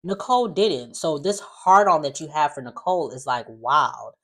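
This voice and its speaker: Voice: mid-range voice, lively intonation, normal speed, fairly bright tone. Soap recap host, casual and opinionated, rambling with asides. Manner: chatty and opinionated, many fillers and asides.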